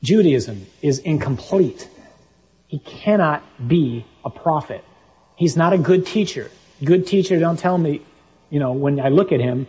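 Mellow-voiced man preaching a sermon. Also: a little high, unhurried, highs cut off. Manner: emphatic, reads scripture aloud with rising, punchy delivery.

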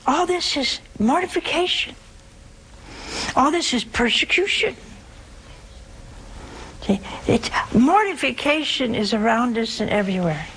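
A woman hosting a call-in show as a religious sister, giving emphatic spiritual advice with wide swings in pitch. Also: animated, unhurried, long pauses, fairly bright tone, breathy edge, rough recording.

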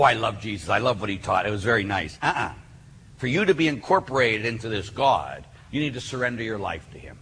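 Male preacher, lively and bright, insistent, hall reverb with faint hiss. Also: medium pitch. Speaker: Catholic speaker. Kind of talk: sermon.

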